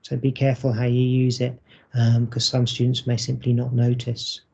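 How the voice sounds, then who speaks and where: A man giving a recorded teaching workshop, talking in a measured, explanatory way. His voice is dark and a little husky, with some gravel at the ends of phrases. The audio is dull and lo-fi. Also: mid-range voice, completely flat delivery. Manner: measured, explanatory, many ums. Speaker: university English teacher. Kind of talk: recorded conference workshop presentation.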